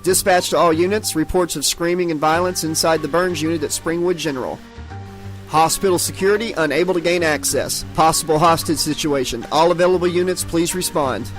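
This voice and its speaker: A man's voice: on the high side, fairly quick, faint music behind, lightly acted. A man voicing a formal male police dispatcher making a radio call in a storybook reading. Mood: urgent. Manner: formal, announcing.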